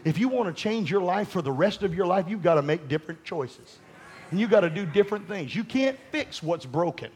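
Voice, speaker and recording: A pastor with a drawl delivers a fervent sermon in a notably high voice. He talks straight to his congregation with casual asides, then climbs into shouting at the peaks. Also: lively intonation, fairly quick.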